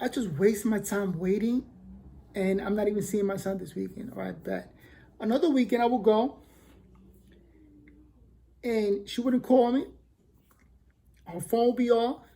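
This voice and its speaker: A man telling a personal story casually, acting out the dialogue with lively quoted lines. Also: high-pitched, vocal fry. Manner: animated, acts out quoted dialogue.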